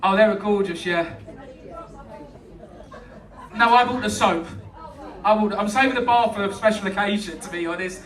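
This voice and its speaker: A man's voice: sits high, normal speed, pauses often, recorded from a distance. A man hosting a comedy night, teasing the audience with cheeky banter and bringing on the next act. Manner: cheeky crowd banter, introduces acts. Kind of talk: stand-up compering. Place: small comedy club. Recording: echoey club room, mic heard from afar, loud crowd. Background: audience laughing.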